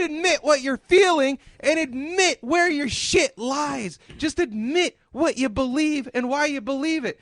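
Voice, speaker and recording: High-voiced man ranting and shouting. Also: measured pace, few pauses, no echo, clean studio sound. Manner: profane, ranting, often shouting. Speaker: podcast host. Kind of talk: ranting podcast talk.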